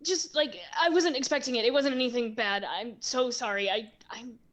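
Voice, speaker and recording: A woman playing a tabletop role-playing game, expressive, swearing and laughing often. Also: fairly high pitch, moderate pace. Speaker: player. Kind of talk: casual role-play as a player.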